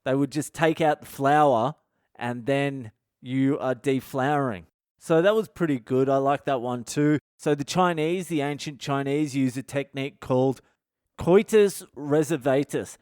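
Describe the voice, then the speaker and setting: A man's voice: medium pitch, a little slow, clear, resonant tone, dry recording, studio quality. Crude, ranting comic man. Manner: crude, swearing, animated rants. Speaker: podcast host. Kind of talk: comic monologue.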